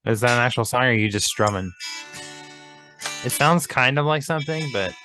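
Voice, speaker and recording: A man co-hosting a podcast in casual chat, wry and quick to laugh, drifting into reflective asides. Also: mid-range voice, animated, music in the background. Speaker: podcast co-host.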